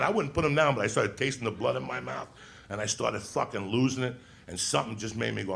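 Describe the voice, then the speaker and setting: A male stand-up comedian telling a story in a loud, profane way, often shouting. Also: medium pitch, lively intonation, quick pace, vocal fry. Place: comedy club stage. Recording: roomy club recording with crowd laughter. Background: audience laughter and room noise.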